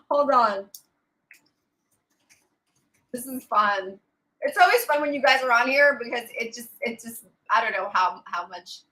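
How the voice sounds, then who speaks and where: Bright high-voiced woman hosting a live stream. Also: expressive, takes it slowly, pauses often, poor audio. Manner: chatty, laughs often, greets viewers by name. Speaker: weather livestream host. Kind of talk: casual live-stream chat.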